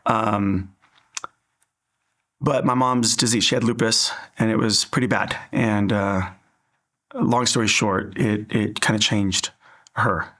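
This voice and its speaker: A man from Southern California shares a personal faith testimony in a reflective, earnest way. His voice sits fairly low. He speaks as a guest answering an interviewer's questions. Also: steady tone, takes it slowly, pauses often, fairly bright tone.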